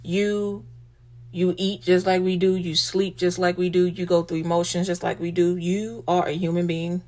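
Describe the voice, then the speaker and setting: A woman's voice: lowish voice, little pitch movement, moderate pace, a little mellow. A woman hosting a casual monologue, speaking emotionally and emphatically, repeating herself and swearing casually. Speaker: host.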